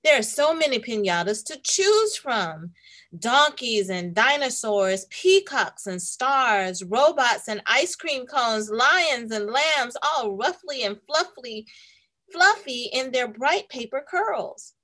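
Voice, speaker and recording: A woman host reading a picture book aloud to young children, animated and teacherly. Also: on the high side, slow. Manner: animated, warm teacherly storytelling.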